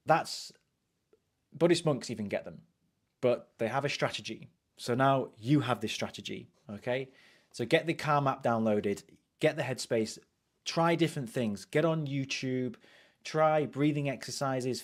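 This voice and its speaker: A man with a British accent giving a casual live coaching talk, conversational and repetitive, often saying "you know". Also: medium pitch. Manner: conversational, repeats phrases, frequent "you know".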